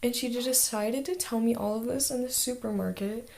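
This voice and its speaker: A woman's voice: on the high side, steady tone, fairly quick, creaky, darkish tone. A teenage girl talking in a casual video diary as an exchange student, chatty and full of "like" fillers.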